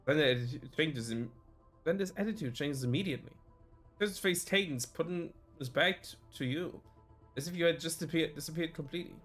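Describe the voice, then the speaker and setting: Reading a story-driven game aloud on stream, this man keeps correcting himself and restarting sentences. His voice runs on the high side, a bit bright and fairly quick, with faint music in the background.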